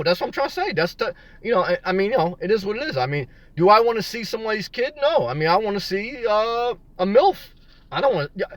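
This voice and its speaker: The recording is dry, and the man's voice sits high. He's a vlogger answering live chat from his car in a parking lot, reading viewer comments aloud in a casual stream while he rambles and jokes about being single.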